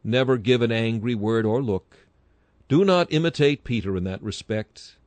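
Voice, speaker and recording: A man's voice: mid-range voice, normal speed, a little mellow, no room sound. A man delivering an old-fashioned sermon with earnest oratory and sudden rises in emphasis. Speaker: preacher. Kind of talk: sermon reading.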